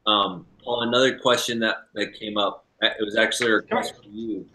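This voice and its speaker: A man hosting a live-streamed interview and reading questions from the chat, hesitant with many ums, often trailing off quietly. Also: on the low side, steady tone, moderate pace. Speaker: livestream host. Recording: echoey room.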